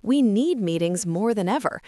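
A woman's voice: medium pitch, expressive, moderate pace, warm tone, no room sound, studio quality. A woman giving polished, emphatic scripted narration as an explainer.

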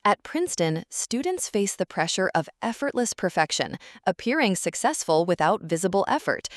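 A woman reading a scripted book summary in a steady, even-paced narrating voice. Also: mid-range voice, normal speed, no echo, clean studio sound.

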